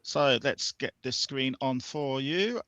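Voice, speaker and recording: A man with a bright, forceful voice runs a quiz on a live stream, upbeat and joking between rounds. His voice is close and dry with no room sound. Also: medium pitch, expressive, takes it slowly, no echo. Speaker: host.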